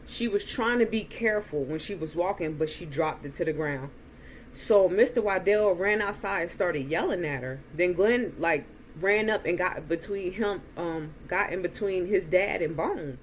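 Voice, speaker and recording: A woman recapping a movie in a casual, slow way, with frequent ums. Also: medium pitch, animated, a little hiss or hum. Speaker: movie reviewer.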